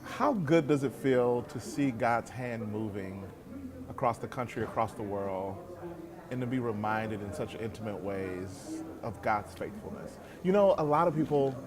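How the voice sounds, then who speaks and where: A man's voice: medium pitch, unhurried, crowd noise. Affirming man host with audience. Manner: encouraging, affirming interjections, preacherly. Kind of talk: conversational interview.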